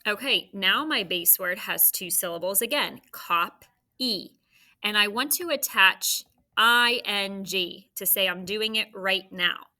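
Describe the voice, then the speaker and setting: A woman teacher giving a recorded phonics lesson to third graders, leading repeat-after-me drills in a clear, encouraging way. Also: medium pitch, slow pace, bright, forceful tone.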